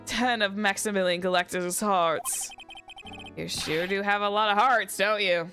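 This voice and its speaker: A woman voicing a flamboyant, smug male stage magician who purrs softly and theatrically. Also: medium pitch, fairly even intonation, unhurried, music in the background, close to an everyday voice. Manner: soft, purring, theatrical, calls people sweetie.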